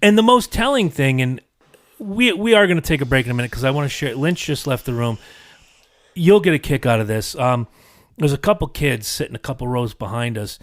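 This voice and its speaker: A man's voice: medium pitch, lively intonation, brisk, a bit bright, no room sound. A middle-aged man hosting a podcast, telling a rambling, profane story in casual chat, a little congested from allergies. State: coughing from seasonal allergies. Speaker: podcast host.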